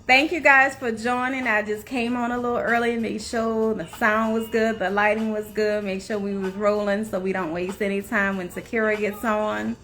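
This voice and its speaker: A woman's voice: mid-range voice, little pitch movement, normal speed, few pauses, fairly bright tone. A young adult woman hosting a casual livestream, chatting to viewers, laughing often and greeting them by name. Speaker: livestream host.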